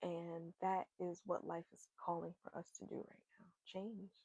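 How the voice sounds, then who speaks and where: A woman doing an oracle card reading, giving gentle, earnest encouragement that repeats its key words. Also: fairly low pitch, level tone, normal speed, husky, no echo, poor audio. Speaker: spiritual card reader.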